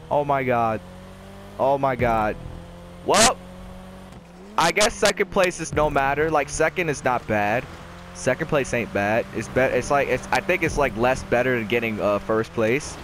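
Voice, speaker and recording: A young man giving casual commentary while playing a racing game, yelling when hyped and muttering when losing. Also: medium pitch, expressive, measured pace, pauses often. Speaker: gaming YouTuber. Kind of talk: live gameplay commentary. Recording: game audio noise behind voice.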